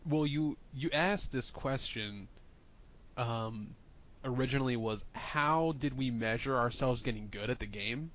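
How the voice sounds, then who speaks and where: A man's voice: medium pitch, unhurried, fairly bright tone. A man with a mid-range voice co-hosts a casual podcast. He tells stories loosely and breaks into laughter as he goes. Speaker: podcast co-host.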